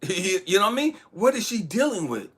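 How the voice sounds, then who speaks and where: A man in his thirties gives a spiritual motivational talk, preaching in bursts of emphasis that drop to near-whispers. His high voice is very animated, a little fast, fairly bright, and slightly rough.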